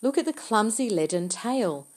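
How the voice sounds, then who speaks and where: A woman's voice: mid-range voice, animated, moderate pace, darkish tone, voice pushed up, natural voice. A woman reading an audiobook, voicing an earnest young girl who explains things with intense, insistent eagerness. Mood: earnest, eager. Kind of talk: audiobook character voice.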